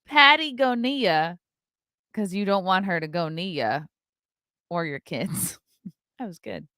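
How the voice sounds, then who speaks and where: A woman's voice: fairly low pitch, unhurried, no room sound, studio quality. A woman in her thirties hosting a casual morning show, chatty and sarcastic, swearing freely. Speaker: show host.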